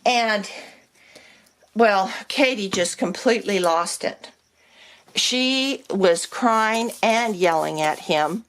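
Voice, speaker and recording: A middle-aged woman recounting a family story in a relaxed vlog. She speaks slowly and unhurriedly, with a voice of ordinary middle pitch. Her telling grows animated as she acts out both sides of the exchanges. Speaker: vlogger.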